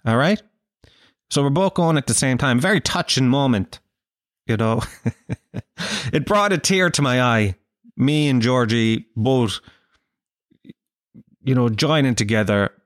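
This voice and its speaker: A man's voice: medium pitch, no room sound, studio quality. Swearing Irish man rambling on a podcast. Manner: crude, swearing, laughs at his own jokes. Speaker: podcast host. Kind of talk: rambling comedic monologue.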